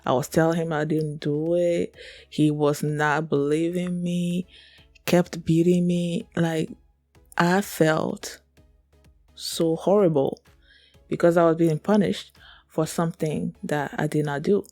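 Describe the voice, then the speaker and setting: A woman's voice: deep voice, level tone, slow, a little mellow, no room sound, soft background music. A woman hosting a reaction video, telling a personal story in an earnest, emotional, rambling way with many fillers. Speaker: reaction channel host.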